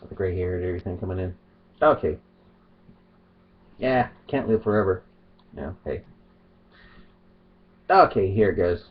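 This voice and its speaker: Middle-aged man, husky lo-fi vlog. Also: sits low, expressive, measured pace, long pauses. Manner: rambling, restarts and trails off. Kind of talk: casual vlog monologue. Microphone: webcam or phone.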